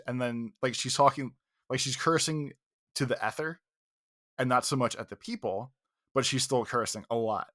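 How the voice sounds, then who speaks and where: A man's voice: medium pitch, moderate pace, no echo. Man telling a story, dry close mic. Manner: animated, profane retelling with quoted outbursts. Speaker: podcast co-host. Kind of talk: casual storytelling chat.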